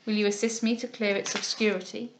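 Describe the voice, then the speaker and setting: A woman reading aloud, voicing an elderly male guardian who speaks softly, mildly and solemnly. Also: medium pitch, level tone, fast talker, a little hiss or hum, natural voice. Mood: grave. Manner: soft, mild, solemn speech.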